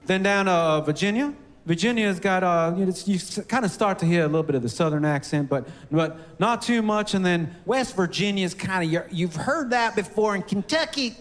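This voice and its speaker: A man doing a stand-up comedy bit, playful and halting, breaking into laughter as he tries out regional accents. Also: sits high, animated, big-room sound, soft background music.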